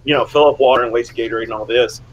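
A middle-aged man hosting an interview, a former player himself, telling stories with animated, high-voiced quotes. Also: very fast, muffled recording. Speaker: podcast host, former player. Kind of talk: casual interview.

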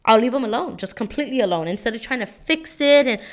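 Fairly high-pitched and quick, with lively intonation, this young woman hosts a podcast on parenting. She's earnest and casual, keeps adding "right?" to what she says, and the talk is motivational in tone.

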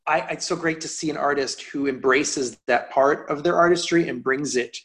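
A man's voice: a little high, moderate pace, fairly bright tone. A man hosting an interview, enthusiastic and rambling through his questions. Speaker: host.

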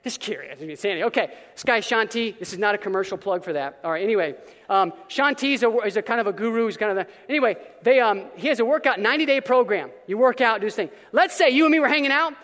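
A male pastor preaching a sermon in an energetic, casual way with slang, now and then breaking into shouts. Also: sits high, fast talker, long reverb tail.

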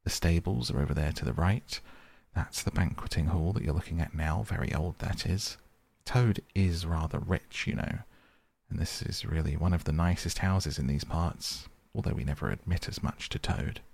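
A man voicing a cheerful, good-natured male water rat in a storybook reading, speaking heartily with a deep, husky, gravelly voice. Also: moderate pace, darkish tone, full character voice.

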